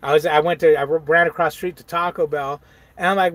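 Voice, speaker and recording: A man's voice: on the high side, steady tone, fast, a bit bright, no room sound. A truck-driving man in casual live-stream chat, laid-back, laughing often and reading viewer comments aloud. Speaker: truck driver vlogger.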